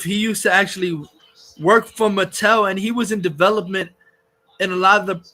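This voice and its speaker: A man's voice: sits high, bright, forceful tone. A man hosting a livestream, ranting heatedly, cursing and mocking as he talks. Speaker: livestream host. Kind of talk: profane ranting chat.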